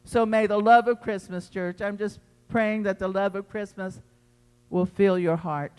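A pastor preaching a sermon to his congregation in an impassioned, emphatic way, swinging between loud pleading and quiet teaching. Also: high voice, steady tone, unhurried, clear, resonant tone, in a large hall, soft background music. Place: church sanctuary.

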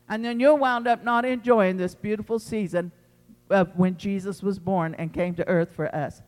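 High-voiced man preaching in a reverberant hall. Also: steady tone, moderate pace. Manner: impassioned, emphatic preaching with big swings in loudness. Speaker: pastor. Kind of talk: sermon. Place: church sanctuary.

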